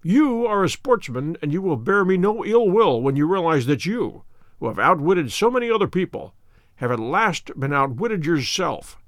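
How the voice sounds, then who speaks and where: A man voicing a calm, witty male detective who speaks with dry, courteous irony, in an audiobook reading. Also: fairly high pitch, normal speed, dry recording. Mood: wry.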